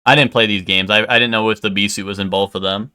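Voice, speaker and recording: A man's voice: fairly low pitch, steady tone, fast, bright, forceful tone, clear, resonant tone. A man live-streaming, chatting casually with his viewers in a rambling way, full of "like" and "um" and casual swearing.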